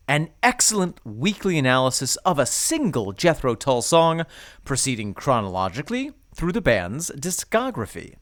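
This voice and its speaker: A man's voice: mid-range voice, fairly bright tone. A man co-hosting a music podcast, reading a listener review in an enthusiastic, jokey casual chat. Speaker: podcast co-host.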